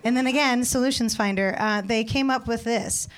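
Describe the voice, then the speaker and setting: A woman's voice: on the high side, normal speed. A young woman performing a stand-up comedy set, rambling through stories and acting out the voices of people in them. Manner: rambling, animated storytelling with laughs and acted-out voices.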